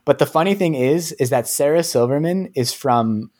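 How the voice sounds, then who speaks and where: A man's voice: on the high side, lively intonation, moderate pace, darkish tone. A man from New Hampshire co-hosting a podcast, chatting casually and laughing easily. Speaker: podcast co-host. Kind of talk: casual chat.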